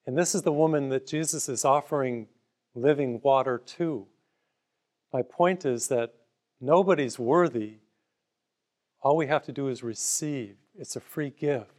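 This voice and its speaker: A man's voice: mid-range voice, measured pace, pauses often, darkish tone. A man preaching a broadcast sermon, telling everyday stories to make his point and offering free booklets to listeners. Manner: conversational storytelling with everyday parables.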